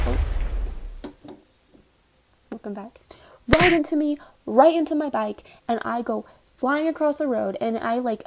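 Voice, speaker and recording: A woman's voice: a little high, mellow. A young woman telling a casual storytime vlog, sarcastic and swearing freely. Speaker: vlogger.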